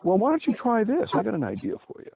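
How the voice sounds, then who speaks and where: A man's voice: high voice, huge pitch swings, fast, vocal fry, pitched above the performer's own voice, heavily acted. A man voicing a flirty, teasing woman on a date, playful and coy in tone. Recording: tinny phone-like sound, faint hiss.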